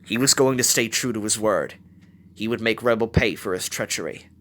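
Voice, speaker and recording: A man's voice: lowish voice, normal speed, a bit bright. A man reading a fan story aloud, telling it dramatically with small slips. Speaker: reader.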